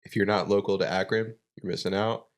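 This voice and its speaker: A man, a father co-hosting a casual podcast in a relaxed, easygoing way. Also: on the low side, fairly quick. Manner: relaxed, easygoing, enthusiastic recommendations. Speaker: podcast co-host. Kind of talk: casual chat.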